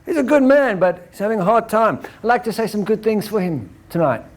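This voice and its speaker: Brief: man doing an earnest male shaman calling on spirit, pleading tone, raised pitch. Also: expressive, brisk. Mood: solemn pleading. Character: male shaman praying solemnly over a friend.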